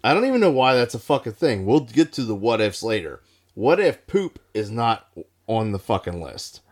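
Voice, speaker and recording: A man co-hosting a casual podcast, his pitch swinging up and down lively as he jokes. He swears freely and keeps steering the talk with blunt, crude questions. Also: moderate pace. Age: adult, foster parent. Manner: crude, joking, animated, heavy swearing. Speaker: podcast co-host.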